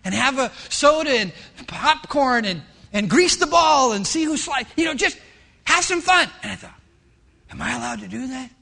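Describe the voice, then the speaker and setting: A middle-aged male pastor preaching a sermon, telling stories and acting out voices in an animated way. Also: very high voice, moderate pace, gravelly. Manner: animated storytelling with acted-out voices.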